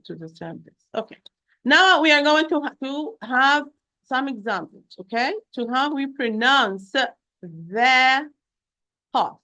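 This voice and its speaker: A woman's voice: a little high, a bit bright. Patient woman teaching recitation. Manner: patient, repeats and checks with "okay?"; demonstrates sounds slowly. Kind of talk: online lesson.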